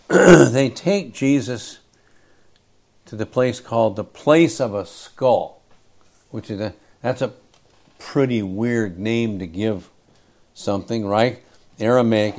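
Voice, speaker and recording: Man as a slow, emphatic sermon preacher, mid-pitched, throat-clearing, reads and comments on scripture. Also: a little mellow. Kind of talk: expository sermon.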